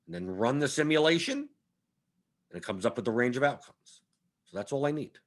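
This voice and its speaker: Hosting a fantasy sports live stream, this young man speaks fairly quickly in a mid-range voice with lively intonation. His analysis is conversational and emphatic, full of repetition and frequent "right?" checks.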